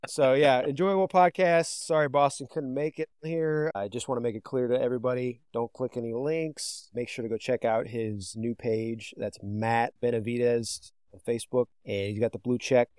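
A man's voice: medium pitch, steady tone, moderate pace, hardly any pauses, darkish tone, no echo, clean studio sound. A man hosting a casual podcast chat, rambling and laughing often. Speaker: podcast host.

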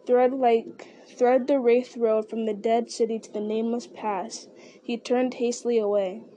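A woman's voice: a little high, dark tone. A woman reading a story aloud, steadily, with the occasional restart. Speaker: reader.

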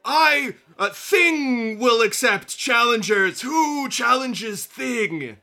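Blunt construct fighter who talks about himself in third person, played by a man, bright, high voice. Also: very animated, extremely slow, exaggerated voice. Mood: bellowing. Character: blunt male carnival construct fighter, literal.

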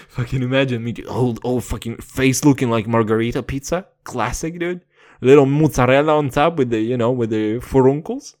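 A man hosting a podcast, talking in an excitable, profane, jokey way. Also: normal speed. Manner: excitable, profane, jokey, with big pitch swings. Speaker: podcast host. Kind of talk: casual podcast chat.

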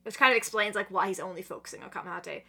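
A woman chatting on a podcast, excitedly retelling manga chapters and acting out the characters' lines between laughs. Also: mid-range voice, racing, creaky. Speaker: podcast guest. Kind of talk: casual chat recapping manga chapters.

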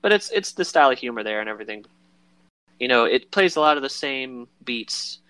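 Male podcast co-host, bright and forceful, rambling and filler-heavy, acting out quotes, dry close mic. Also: medium pitch, animated, a little fast, clear, resonant tone, no echo. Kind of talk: casual chat about a film.

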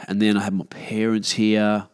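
A man's voice: lowish voice, completely flat delivery, normal speed, darkish tone, clean tone, dry recording, studio quality. An Australian man in his thirties, rambling and swearing freely as he hosts a casual solo podcast from his living room. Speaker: podcast host.

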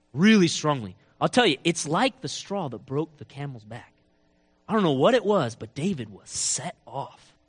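A man preaching a sermon, telling a story with lively acted-out quotes and big swings between soft and loud. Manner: animated storytelling, acts out quotes with big swings in pitch and loudness. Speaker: pastor.

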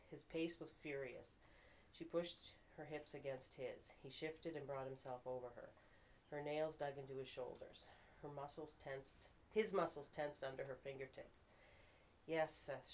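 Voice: mid-range voice, a little hiss or hum, low-quality recording. A writing group member reading their own fiction aloud and stopping now and then to fix slips. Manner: reads steadily, stops to fix slips and apologizes.

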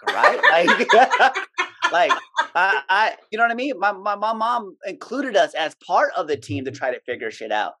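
A man's voice: fairly high pitch, very noisy. A man in casual podcast conversation who rambles, repeats himself and laughs easily.

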